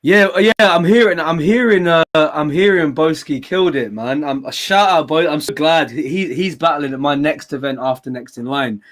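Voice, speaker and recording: Excitable, laughing English storyteller. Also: male voice, a little high, normal speed, few pauses. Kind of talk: casual chat.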